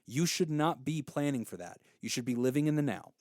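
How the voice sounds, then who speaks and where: A man's voice: mid-range voice, lively intonation, a little fast, a little mellow, no echo. Thirties male podcast host, earnest and heartfelt, mid-range voice, dry close sound. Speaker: podcast host giving advice. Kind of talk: casual advice podcast.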